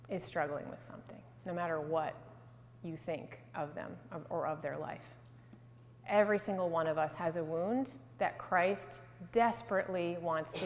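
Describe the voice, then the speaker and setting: A woman in her thirties, from Connecticut, tells her faith testimony to a live audience. She speaks earnestly and sinks to a near hush on the tender lines. Her voice rings with the long reverb of a large hall. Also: on the low side, slight background noise. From Connecticut, USA. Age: 30s. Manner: earnest storytelling, drops to a soft hush for emotional lines.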